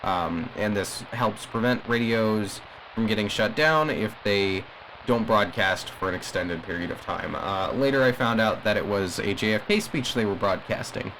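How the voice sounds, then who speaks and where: A man's voice: fairly low pitch, moderate pace, a bit bright, a little hiss or hum, rough recording. A man playing a rambling, indignant radio caller. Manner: rambling, emphatic, with frequent restarts. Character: agitated male radio caller defending a cursed family. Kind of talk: audio drama monologue.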